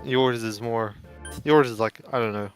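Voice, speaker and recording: A man's voice: mid-range voice, normal speed, faint music behind. A British man with a slight American tinge to his accent, co-hosting a game let's play in casual, joking chat. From Britain. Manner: chatty, joking, animated. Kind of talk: casual chat over gameplay.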